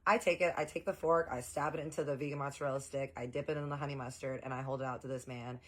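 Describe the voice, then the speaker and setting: A young woman from the American South, telling a personal story in a chatty, animated way. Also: rumbling low, quick pace. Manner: animated, chatty, full of "like" fillers. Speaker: storytime vlogger. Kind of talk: casual storytelling.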